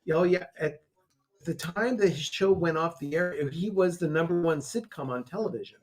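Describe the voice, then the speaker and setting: Male co-host, slightly higher voice, chatty storyteller, casual. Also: a little fast. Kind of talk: casual watch-party commentary.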